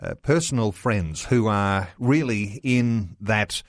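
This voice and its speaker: A man interviewing a guest, asking questions in a halting way with many fillers. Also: fairly low pitch, dry recording, studio quality.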